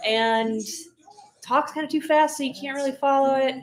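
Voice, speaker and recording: A woman's voice: sits high, normal speed. A woman hosting a livestream, chatting casually and reacting with exasperation as she watches a football game. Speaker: livestream host. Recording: roomy echo.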